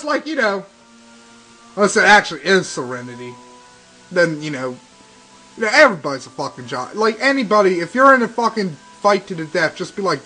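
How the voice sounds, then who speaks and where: A man's voice: high-pitched, expressive, normal speed, sharp tone, breathy edge, poor audio. A young man doing profane, sarcastic let's play commentary, ranting and swearing constantly. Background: game music.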